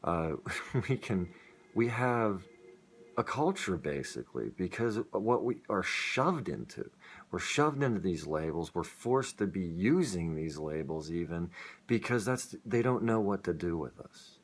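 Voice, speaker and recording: A man's voice: sits low, lively intonation, unhurried. A young man talking earnestly and rambling in a personal vlog about living with his illness. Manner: rambling, earnest, with self-deprecating laughs. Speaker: vlogger. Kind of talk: rambling personal talk to camera.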